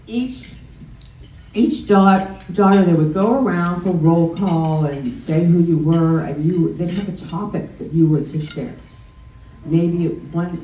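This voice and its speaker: Picked up by a distant mic in a meeting room during a luncheon, a middle-aged woman presents something personal to her chapter. Her voice is fairly low and dark, broken by frequent ums and restarts, with a little hiss or hum and a roomy sound.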